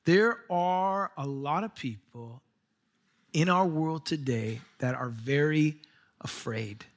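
A middle-aged man preaching a sermon as pastor, earnest, slowing down to read scripture and lifting his voice when he urges. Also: animated. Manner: earnest preaching, slows for scripture, rises in pitch when urging.

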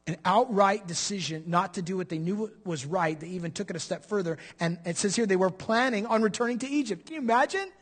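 Husky high-voiced male preacher. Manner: expository preaching, rising to emphatic peaks. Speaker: pastor. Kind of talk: sermon.

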